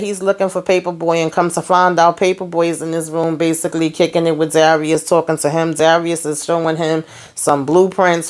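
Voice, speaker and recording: A woman talks through a TV episode recap in a loose, chatty way. Her voice sits a little low, and she jumps in pitch when she quotes the characters. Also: darkish tone. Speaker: TV review host. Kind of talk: casual TV recap.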